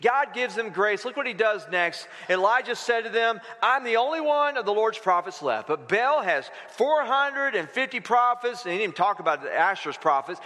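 A man's voice: high-pitched, expressive, normal speed, hardly any pauses, bright, forceful tone. A man preaching a sermon as pastor, asking the congregation rhetorical questions and mixing in humorous asides. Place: church sanctuary. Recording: long reverb of a large hall.

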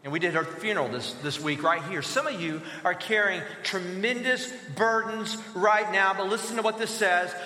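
A man preaches with a high, bright, ringing voice. He is energetic and calls on the congregation to fill in his words. The sound fills a large church hall and carries a long, echoey reverb. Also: moderate pace, hardly any pauses. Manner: energetic preaching with call-and-response prompts. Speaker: pastor. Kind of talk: sermon.

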